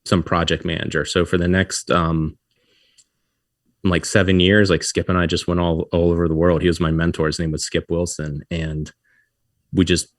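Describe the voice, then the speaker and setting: A middle-aged man with a low-pitched voice talks at normal speed as a podcast guest, in a dry, clean studio recording. Telling casual stories, he gets animated, acts out people's words, and laughs frequently.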